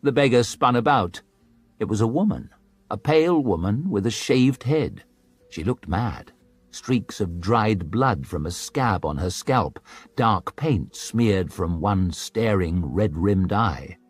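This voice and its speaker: A man narrating an audiobook in a slow, dramatic storytelling manner. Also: on the low side, animated, husky.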